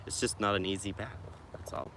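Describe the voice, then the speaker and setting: A man's voice: lowish voice, fairly even intonation, brisk, background noise. A man from Boston with a Boston accent, chatting casually on a livestream from a small wooded spot in the city, rambling and greeting viewers by name. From Boston, USA. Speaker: vlogger livestreaming. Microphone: phone on a selfie stick.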